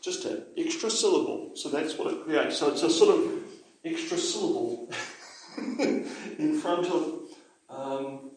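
A man's voice: fairly high pitch, expressive, slow, long pauses, a little mellow. A man teaching a Māori language lesson to a class, chatty, explaining with asides and checking that his listeners follow. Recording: very echoey room.

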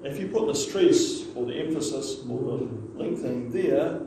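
A man's voice: medium pitch, animated, moderate pace, mellow, slight background noise. A man teaching a language class, patiently repeating words for the students to echo. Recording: echoey room, mic far off.

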